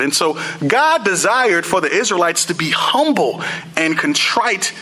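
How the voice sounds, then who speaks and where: A man's voice: high-pitched, animated, normal speed, pushed and bright, poor audio. A young man preaching a sermon in a casual, conversational way, full of "you know" and "like".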